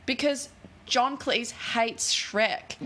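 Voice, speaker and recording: A woman's voice: fairly high pitch, extremely slow, fairly bright tone. A woman in casual chat, retelling a film plot in a rambling, giggly way, full of fillers.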